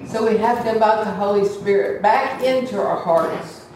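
A woman's voice: mid-range voice, moderate pace, noisy background. A woman giving a heartfelt, conversational testimony to a church congregation. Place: church hall. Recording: echoey hall from far off.

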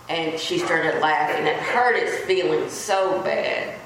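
A woman giving a sermon in a church hall, telling folksy stories and repeating her points slowly for emphasis. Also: low voice, slight background noise. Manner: folksy storytelling, slow emphatic repetition. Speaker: church speaker. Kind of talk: sermon with a personal story. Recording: echoey room.

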